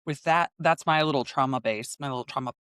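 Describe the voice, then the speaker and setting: A woman's voice: extremely low pitch, quick pace, smooth, dry recording, clean studio sound. A woman in her thirties, a guest improv teacher, telling personal stories in casual conversation with frequent laughter. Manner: animated storyteller, laughs often.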